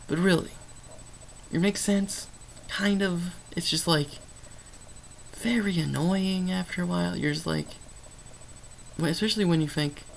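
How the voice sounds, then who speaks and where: A movie reviewer rambles through an unscripted review off the top of his head, in a stream-of-consciousness style full of restarts and fillers. The voice is mid-pitched and heavy with vocal fry. Audio quality is poor, with a faint ambient hum behind him.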